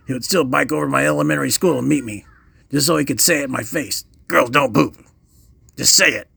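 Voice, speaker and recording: A man playing a doctor, telling a rambling, earnest, self-serious story in a deadpan comedic monologue. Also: a little high, gravelly, dry recording. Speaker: comic doctor character.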